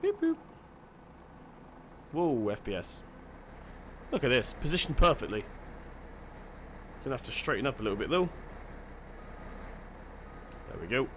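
A man's voice: medium pitch, expressive, normal speed, pauses often, a bit bright, a little hiss or hum. A man giving casual let's-play commentary, chatty and self-deprecating, thinking aloud as he plays. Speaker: gaming channel host.

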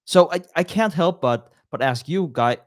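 A man's voice: fairly high pitch, animated, normal speed. A man hosting a podcast, setting up a long question in a hesitant, searching way. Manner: hesitant, many restarts and fillers while framing a question. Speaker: podcast host. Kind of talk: casual interview question.

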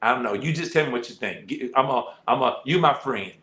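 A man's voice: medium pitch, animated, brisk, sharp tone, a little hiss or hum. A man telling stories in a folksy, casual way as a guest on a talk show. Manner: folksy, repeats himself, laughs at his own stories. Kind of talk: casual conversation. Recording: roomy studio echo.

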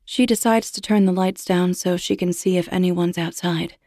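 A woman narrating a horror story in a measured, hushed, suspenseful way. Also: lowish voice, steady tone, dry recording, studio quality.

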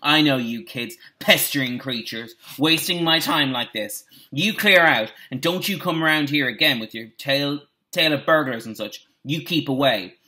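A male teacher voicing a grumpy, deaf old caretaker in a read-aloud story, shouting and scornful. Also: mid-range voice, very animated, fairly quick. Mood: angry shouting.

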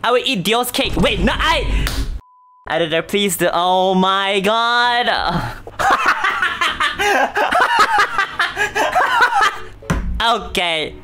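A young VTuber streamer serves up hyper, theatrical comedy reactions packed with drawn-out exclamations and crude jokes. His voice sits high, and music plays in the background.

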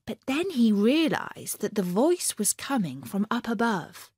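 Slow, clear woman reading a story. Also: medium pitch, very animated, darkish tone, dry recording, clean studio sound. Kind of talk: scripted story narration for English learners.

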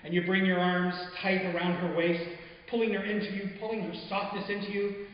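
A man reads his short fiction to a live audience, his voice sitting a little high for a man. He tells it in a measured, intimate way and often lets it fall soft. The sound rings with a long echo through a big hall and comes across dull and muffled. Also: little pitch movement. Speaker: author reading his own stories. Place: arts venue stage, before an audience.

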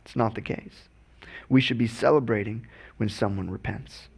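A man's voice: fairly low pitch, normal speed, gravelly, darkish tone, breathy edge. A man preaching a sermon as pastor, earnest and often stumbling over and repeating his words.

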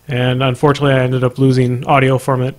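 A man co-hosting a casual podcast, speaking in halting, hesitant bits. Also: mid-range voice, monotone. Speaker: podcast co-host.

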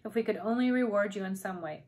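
A woman's voice: medium pitch, quick pace, a little mellow, natural voice. A woman reading aloud and voicing a spirited tiny queen who speaks in a gracious, refined way.

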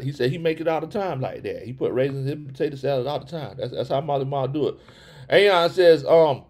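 A man hosting a lively sports livestream, reading chat comments, laughing often and stumbling over his words as he talks. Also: a little high, a little fast. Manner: animated, laughs often, frequent restarts and stammers. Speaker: sports vlog host reading live chat. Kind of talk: excited casual livestream chat.

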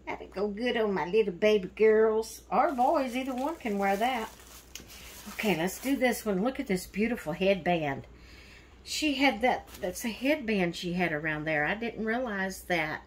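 A woman's voice: medium pitch, animated, unhurried, low-quality recording. Gushing, gasping woman unboxing mail. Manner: gushing, gasping, easily moved to tears. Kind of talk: casual unboxing chat.

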